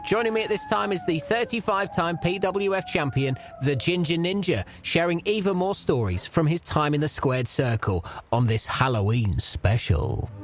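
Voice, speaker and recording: Animated straight-man podcast host. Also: fairly high pitch, moderate pace, few pauses, a crowd in the background. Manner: patient straight man, flustered when pressed. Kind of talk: scripted comedy podcast dialogue.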